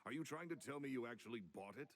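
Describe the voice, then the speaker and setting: An actor playing a gruff, hard-nosed businessman in a game cutscene, with a deep booming voice and a curt, threatening way of talking. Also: lively intonation, fast talker, natural voice. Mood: menacing.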